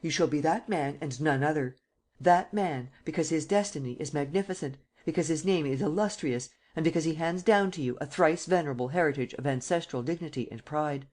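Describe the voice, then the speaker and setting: A woman's voice: sits low, a little fast, a little mellow. A woman voicing a ruthless, commanding nobleman who gives vehement orders in an audiobook.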